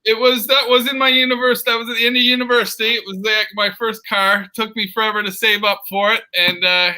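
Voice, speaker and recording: Man from Canada, comedian guest, video call, high voice, very bright tone, rambling. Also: level tone, quick pace, smooth, low-quality recording. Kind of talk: casual video call chat.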